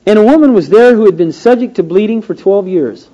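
Male preacher, slightly high, warm voice, storytelling sermon, dull lo-fi recording. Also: expressive, brisk. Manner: storytelling with acted-out quotes, rising and falling emphasis.

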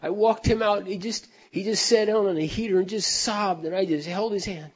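A middle-aged man telling heartfelt stories in a sermon, earnest, dropping to a hush and then rising loud for emphasis. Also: high voice, normal speed, dull audio. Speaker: speaker.

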